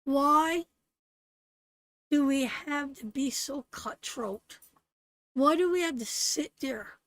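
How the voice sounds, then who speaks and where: Blunt high-voiced woman tarot host. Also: expressive, slow pace, dry recording. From Canada. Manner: blunt, salty, preachy pep talk to viewers. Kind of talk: live-stream tarot reading and chat.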